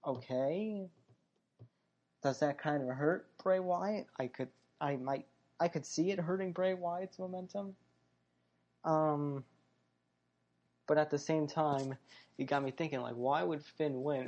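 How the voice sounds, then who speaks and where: Man, podcast host, casual rambling recap, mellow tone, dull lo-fi recording. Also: fairly high pitch. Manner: rambling, filler-heavy, self-correcting. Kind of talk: solo wrestling and fight recap chat.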